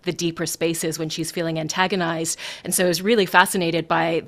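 A woman's voice: sits low, fairly bright tone. Woman moderator asking long questions. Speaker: interview moderator. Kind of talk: press junket interview.

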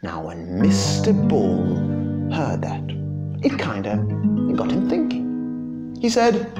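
A man's voice: fairly low pitch, huge pitch swings, takes it slowly, long pauses. A man telling a folktale dramatically, dropping to whispers and swelling again, over guitar music. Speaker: storyteller.

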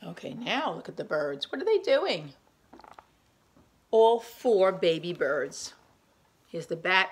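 A woman reading a picture book aloud to children, gently pausing to point out the pictures. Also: lowish voice, slightly rough.

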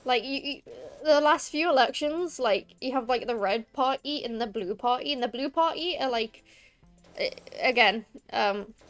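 A high-voiced woman from Liverpool chats away on her game stream, her Scouse accent soft but there. She rambles along with plenty of "like" and "um", loose and casual. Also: normal speed, soft background music. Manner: rambling and chatty, lots of fillers.

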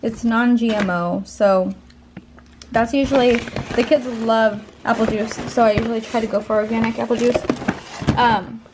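Talking at a moderate pace with a fairly high pitch and fairly even intonation, a young woman shows her shopping to a handheld camera. The casual shop-with-me vlog is chatty and rambling, full of fillers, moving from her car to her home amid loud background noise.

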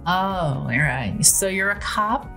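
Woman doing a flirty divorced woman on holiday, teasing, raised pitch, storybook romance, faint music. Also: lively intonation, takes it slowly, pushed and bright, full character voice.

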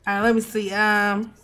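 A young woman, giving animated, swearing, mock-outraged commentary as she plays a life-sim game. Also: mid-range voice. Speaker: gaming streamer. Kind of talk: casual gameplay commentary.

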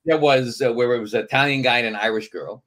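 Talking fast in a mid-range voice over slight background noise, a middle-aged actor with a New York accent shares stories as a podcast guest. He brings the anecdotes to life by voicing the people in them during the casual chat.

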